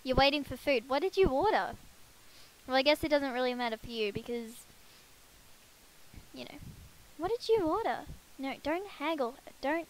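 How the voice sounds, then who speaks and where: High-voiced chatty woman gamer. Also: low-quality recording. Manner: chatty, self-deprecating, talks to her game characters. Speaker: let's play gamer. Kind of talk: casual game commentary. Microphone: headset.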